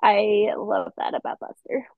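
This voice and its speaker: A woman's voice: medium pitch, fairly even intonation, unhurried, vocal fry. A young woman co-hosting a casual podcast, talking enthusiastically with some laughter. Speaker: podcast co-host. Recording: slightly muffled dry mic.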